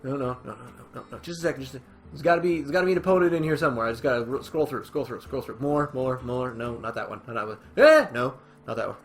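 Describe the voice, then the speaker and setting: A man chatting his way through a gaming session, wandering from thought to thought and poking fun at himself. His speaking voice sits at an everyday middle pitch, with faint music playing underneath. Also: lively intonation, fast, vocal fry. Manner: rambling, chatty and self-deprecating; thinks aloud with frequent fillers and restarts. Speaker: gaming video host. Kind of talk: casual gameplay commentary.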